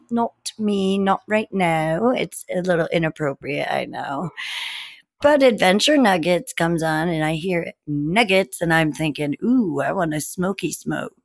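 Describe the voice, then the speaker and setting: Slow-talking, giggly woman livestreamer. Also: fairly low pitch, gravelly. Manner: slow, drawn-out greetings, giggly and chatty. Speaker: livestream host. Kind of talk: casual livestream chat with viewers.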